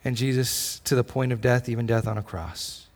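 Speaking at normal speed in a mid-range voice, a man gives a casual, conversational sermon as a pastor. He tells stories and acts out pieces of dialogue, and the church setting leaves the recording reverberant.

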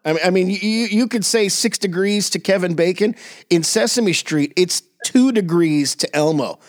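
A man co-hosting a comedy podcast, rambling through improvised deadpan bits with lots of fillers. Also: high-pitched, moderate pace.

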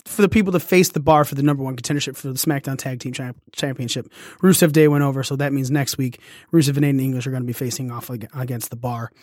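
A man hosting a casual wrestling recap, talking excitedly, swearing freely and acting out the lines he quotes. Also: mid-range voice, quick pace, dry recording, clean studio sound. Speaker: wrestling podcast host.

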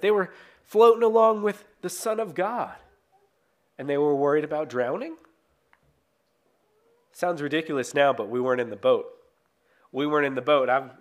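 A man preaching a sermon in a conversational way, reading scripture and then explaining it, often checking in with "right?". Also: medium pitch. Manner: conversational, frequent "right?" tag questions.

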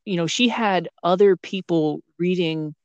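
A man hosting a podcast in a relaxed, conversational way. His voice is recorded dry and close, with no room sound, and he often fills his speech with "you know". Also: sits high, unhurried, clear, resonant tone, no echo, dull audio. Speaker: podcast host. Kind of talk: casual interview chat.

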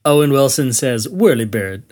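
Podcast guy jumping in, animated voice, short excited bits. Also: medium pitch, normal speed. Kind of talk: casual chat.

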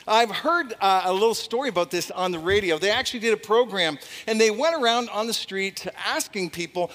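A male pastor with a high voice gives a Christmas Eve devotional to people watching online. He talks in a friendly way, chuckles now and then and repeats his key phrases. His voice rings with a long reverb, as if he is speaking in a large hall. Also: expressive, fairly quick, few pauses, a bit bright.

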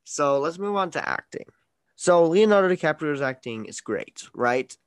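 A man's voice: a little high, lively intonation, moderate pace, smooth. Opinionated man reviewing films. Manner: opinionated, teasing, mock-exasperated. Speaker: podcast host. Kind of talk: casual movie review chat.

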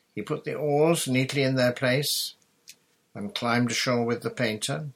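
A man's voice: medium pitch, gravelly, a bit bright, slightly rough. A man reading a children's adventure story aloud as an audiobook narrator, telling it steadily. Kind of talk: scripted narration.

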